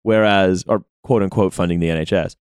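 A man's voice: deep voice, fairly even intonation, fairly quick, darkish tone, clean tone, no room sound, clean studio sound. A man co-hosting a casual podcast chat, rambling with many restarts and casual swearing. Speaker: podcast co-host.

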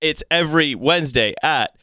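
A man with a fairly high voice hosts a podcast, chatting loosely, laughing a lot and dropping swear words. His voice sits close and dry on the microphone, with no room sound around it. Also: moderate pace, sharp tone, no room sound. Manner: laughs often, swears casually. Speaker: podcast host. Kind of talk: casual podcast chat.

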